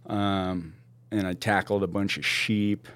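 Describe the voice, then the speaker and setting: A man telling a story casually as a podcast guest, animated and laughing often, with slangy talk. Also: low voice, slow pace.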